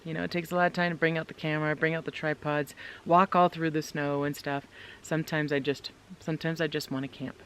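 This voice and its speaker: A woman's voice: deep voice, level tone, fast, slight background noise. A woman vlogging from inside her tent in the snowy woods, chatting casually and upbeat straight to her viewers. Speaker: solo winter camping vlogger. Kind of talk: casual chat to camera.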